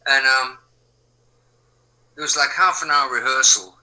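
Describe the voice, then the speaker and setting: An older Englishman, a musician appearing as a guest, answers interview questions in a relaxed, rambling style packed with fillers and restarts, sometimes dropping into quiet asides. His voice sits in the mid range and moves at a measured pace, and the recording is rough.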